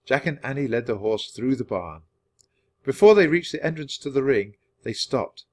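A man narrating a children's book aloud for language learners, reading clearly and steadily. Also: medium pitch, animated, normal speed, a little mellow.

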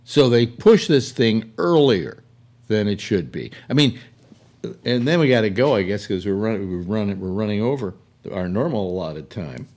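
A man's voice: on the low side, a little mellow. An older man hosting a casual chat, rambling with many restarts. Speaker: talk show host.

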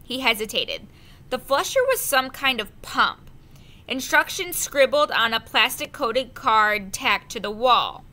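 Bright-voiced woman reading a story slowly. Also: fairly high pitch, expressive. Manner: slow, careful reading with small slips. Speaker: audiobook reader. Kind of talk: storybook narration.

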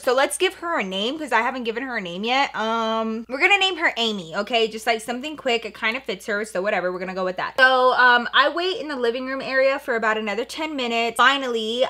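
A young woman with a bright, forceful voice tells a storytime as a makeup vlogger. She talks in an animated, expressive way, full of slang and quoted dialogue, and sits a little higher than most women. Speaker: makeup artist and YouTuber. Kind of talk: storytime vlog while doing makeup.

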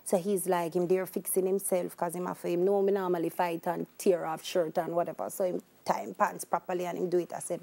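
A woman's voice: fairly low pitch, fairly quick, gravelly, hardly any pauses. A young adult woman with a Jamaican accent telling a personal story in an interview, acting out voices and slipping into patois. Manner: animated, acts out quoted voices, slips into patois. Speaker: guest.

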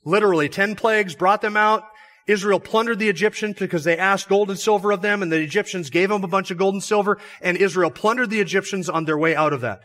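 A man's voice: high-pitched, fast talker, a bit bright. A pastor preaching an expository sermon, explaining a passage step by step and asking his listeners rhetorical questions. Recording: church sermon audio.

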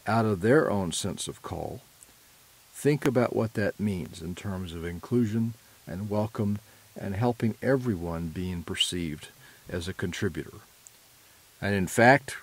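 A man delivering a prepared lecture in an earnest, measured way, now and then correcting himself mid-phrase. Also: lowish voice, darkish tone, husky. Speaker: presenter.

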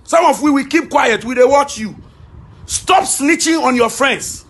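Ghanaian man, very high voice, half-shouted scolding in pidgin. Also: measured pace, slight background noise. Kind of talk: scolding video message.

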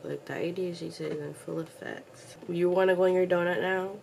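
Young woman, low fry-heavy voice, casual slangy vlogger with a loose mouth, faint hiss behind her. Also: fairly even intonation, fairly quick, darkish tone. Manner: chatty, slangy, swears freely, talks to her pet. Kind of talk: casual chat to camera. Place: at home, indoors.

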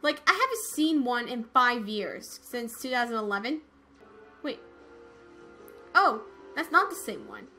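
A young woman giving casual let's-play commentary, excitable and easily scared, with squeals and laughs. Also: on the high side, unhurried, long pauses, soft background music.

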